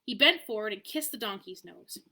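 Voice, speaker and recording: Bright-voiced woman reading a story aloud. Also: medium pitch, expressive, brisk, gravelly, a little hiss or hum. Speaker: narrator reading aloud to family. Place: at home.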